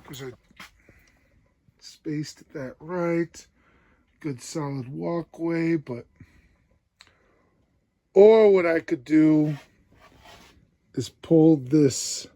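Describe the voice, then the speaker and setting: A man's voice: fairly high pitch, drawn-out words, long pauses, warm tone. A man filming his own home building project, talking casually, frustrated, swearing and mocking his own work. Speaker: DIY vlogger.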